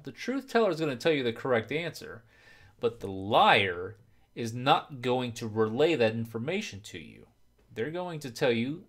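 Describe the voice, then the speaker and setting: A young man chats on a live stream with a rowdy, profane edge, drinking as he goes. His voice sits at a middle pitch, and he slips into long, explanatory stretches. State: drinking alcohol. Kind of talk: casual live-stream chat.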